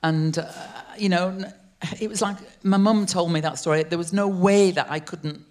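An older woman, a writer telling an animated story on stage, acting out the voices of the people in it. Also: lowish voice, normal speed. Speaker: guest writer. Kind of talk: live on-stage interview storytelling. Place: theatre stage before a live audience.

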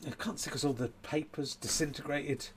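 A man's voice: a little high, steady tone, normal speed, slight background noise. Rambling, self-deprecating middle-aged man. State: tipsy. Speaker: podcast host. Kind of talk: casual chat. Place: home during lockdown.

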